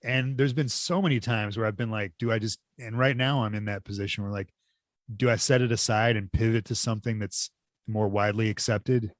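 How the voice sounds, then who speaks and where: A man co-hosts a movie podcast, chatting casually with enthusiasm, swearing freely and quoting people in animated voices. His voice is lowish and fairly quick, recorded dry in studio quality.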